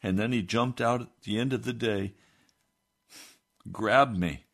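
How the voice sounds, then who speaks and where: A man's voice: fairly low pitch, a little slow, a bit bright. A man reading a first-person story aloud in a plain, earnest way. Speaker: narrator.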